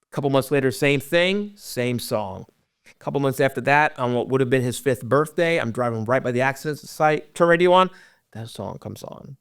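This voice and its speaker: A middle-aged man telling his own story as a podcast guest, earnest and halting, often dropping to a hush. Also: mid-range voice, lively intonation, clear, resonant tone, no echo, clean studio sound. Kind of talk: personal storytelling.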